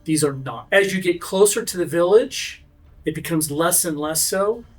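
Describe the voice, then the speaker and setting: A man narrating a tabletop role-play game as game master, setting each scene in brisk detail. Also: on the high side, lively intonation.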